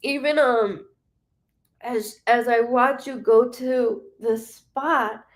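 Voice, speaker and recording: Her voice a little high and steady in tone, a psychic medium does a live-stream reading. She is blunt and emotional, swearing freely, and her speech halts and rambles with frequent restarts.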